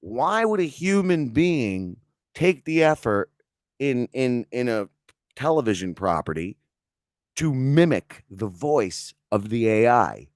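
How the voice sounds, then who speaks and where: A man's voice: mid-range voice, very animated, slow pace, no echo. A man riffing through a loose comedic chat, rambling and profane, in a mid-range voice. The sound is dry and close, with no room around it.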